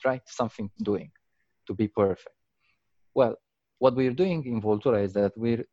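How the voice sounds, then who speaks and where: Guy with a lowish voice telling stories in an interview, acts out the quotes, lots of likes and ums, dry slightly dull sound. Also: dry recording. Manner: animated, acts out quotes with big pitch jumps, many fillers. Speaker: guest, game company founder. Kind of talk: casual interview storytelling.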